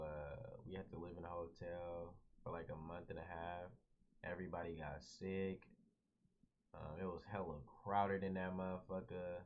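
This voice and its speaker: Slangy young man, low voice, lo-fi. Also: slight background noise. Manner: animated, slangy, peppered with "bro". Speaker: vlogger. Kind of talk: casual storytime. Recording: dull lo-fi audio.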